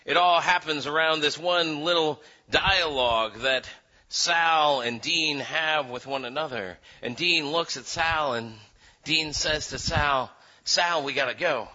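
Bright-voiced man preaching a sermon. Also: on the high side, takes it slowly, lo-fi sound. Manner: animated storytelling with voiced quotes, frequent restarts.

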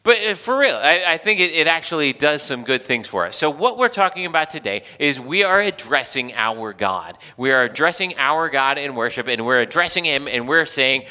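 A man's voice: a little high, very animated, normal speed, hardly any pauses, sharp tone. A man preaching a sermon as pastor, conversational and joking, with frequent restarts. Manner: conversational, self-deprecating humor, frequent restarts. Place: church sanctuary. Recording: long hall reverb.

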